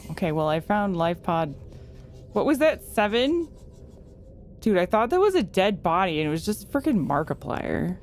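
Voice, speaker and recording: A woman's voice: mid-range voice, big pitch swings, moderate pace, darkish tone, slight background noise. A young woman commenting nervously on a game as she plays, talking to creatures and swinging between shrieks and whispers. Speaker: gamer.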